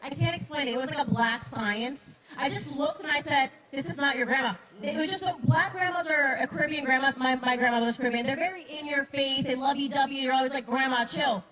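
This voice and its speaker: High-voiced woman telling a story on stage. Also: fast talker, hardly any pauses, poor audio. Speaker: political commentator. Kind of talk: storytelling on a live panel. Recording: live stage with loud crowd.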